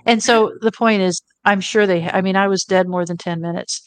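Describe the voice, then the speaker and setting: A woman's voice: mid-range voice, steady tone, normal speed, clean tone, dry recording. A middle-aged woman telling a personal story as an interview guest, earnest and reflective. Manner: earnest, reflective, quotes her own thoughts.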